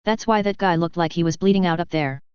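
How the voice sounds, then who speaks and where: A woman's voice: on the low side, fast talker, darkish tone, clean tone, no echo, muffled recording, lightly acted. A woman reading the lines of a blunt, swearing human male ambassador.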